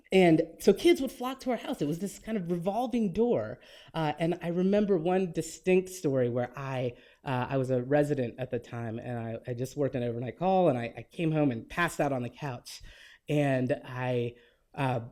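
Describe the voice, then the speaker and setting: A guest lecturer in his forties, with a voice on the high side, shares personal anecdotes in a relaxed, conversational style with gentle humor.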